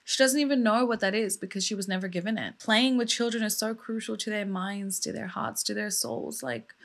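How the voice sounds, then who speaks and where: A woman's voice: mid-range voice, steady tone, a little fast, vocal fry. A woman, a mother in her thirties or younger, telling a sad true crime story in a casual vlog, emotional and indignant as she talks it through.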